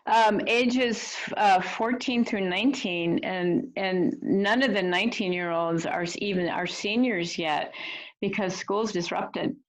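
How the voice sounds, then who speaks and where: A woman who teaches refugee youth tells stories in an earnest, gentle, unhurried way over a video call. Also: medium pitch, poor audio. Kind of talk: reflective storytelling talk.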